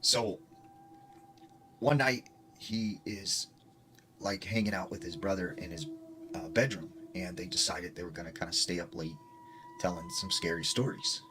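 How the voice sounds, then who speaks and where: A man's voice: deep voice, steady tone, a little slow, long pauses, background noise. A man casually telling a ghost story in a rambling way, full of fillers. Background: music.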